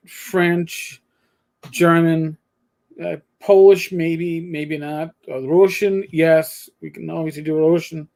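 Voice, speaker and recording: Rambling older New man. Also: high voice. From New York. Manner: rambling, animated storytelling with restarts. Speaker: co-host. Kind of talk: casual chat.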